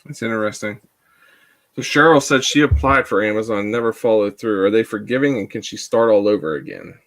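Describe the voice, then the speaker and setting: Man co-hosting a relaxed chat. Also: lowish voice, a little fast. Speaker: co-host. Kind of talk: casual chat.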